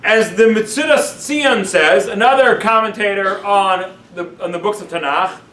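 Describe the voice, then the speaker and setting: A man, a rabbi, teaching a class in a lively way, speaking to the room and acting out his examples. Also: high voice, normal speed. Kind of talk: classroom lecture. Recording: roomy sound from a distant mic, faint background noise.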